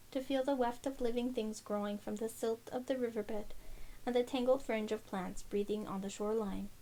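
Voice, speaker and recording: Lady reading a fantasy chapter out loud, steady storyteller pace, bit of a high voice. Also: rough recording. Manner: steady storytelling read with occasional slips. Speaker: audiobook reader. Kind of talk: scripted narration.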